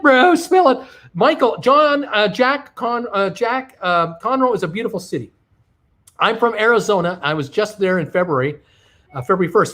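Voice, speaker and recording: Chatty livestream host reading comments. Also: male voice, a little high, a bit bright. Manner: reads comments aloud with quick asides. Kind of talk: casual live-stream chat.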